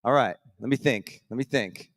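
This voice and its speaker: Energetic man hosting a live stage contest. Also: medium pitch, normal speed, no echo, clean studio sound. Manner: energetic, beatboxing rhythms. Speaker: morning show host. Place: conference stage with audience.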